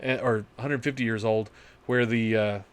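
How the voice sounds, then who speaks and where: A man's voice: lowish voice, steady tone, normal speed, clean tone. A middle-aged man with an East Tennessee accent, co-hosting a casual chat and telling stories. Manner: storytelling, restarts often. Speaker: podcast co-host.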